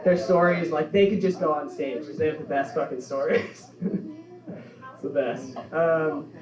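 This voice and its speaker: A young man doing a stand-up set, halting and offhand, with lots of fillers. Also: on the high side, steady tone, a crowd in the background. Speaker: stand-up comedian. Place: comedy club stage. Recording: echoey, dull room recording from far off. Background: audience laughter.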